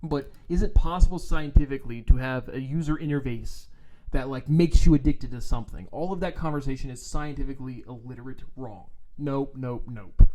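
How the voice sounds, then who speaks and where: A man ranting into his own microphone on a vlog, with a mellow, darker tone at a middling pitch. He is blunt, profane and sarcastic, and he slips into mocking put-on voices to ridicule others. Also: brisk. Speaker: trading vlogger. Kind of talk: ranting casual monologue. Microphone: own microphone, adjusted while talking.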